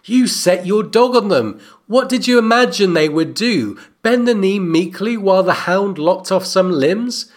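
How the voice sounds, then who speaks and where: A scornful uncle tears into his nephew with biting contempt, as a man reading aloud puts him on. His voice sits fairly high and moves slowly with a wide range. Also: expressive.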